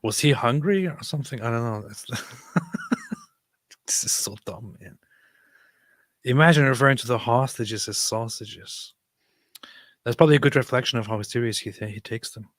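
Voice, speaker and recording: A man's voice: mid-range voice, a little fast, a bit bright, dry recording. A man co-hosting a live stream, chatting casually and wryly and reading out viewer comments. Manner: laid-back, wry, reads viewer comments. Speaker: co-host of a live talk stream.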